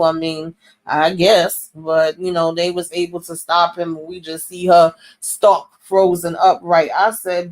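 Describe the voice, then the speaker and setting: A woman casually recapping a TV series episode in a slangy, profane, animated way, often acting out the characters' lines. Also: fairly low pitch, a little slow.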